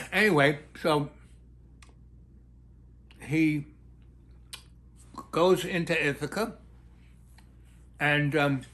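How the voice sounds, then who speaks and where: A man telling a long, rambling personal anecdote in a halting way, with many restarts. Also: fairly high pitch, fairly bright tone. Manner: halting, full of fillers and restarts, acts out quoted voices. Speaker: storyteller.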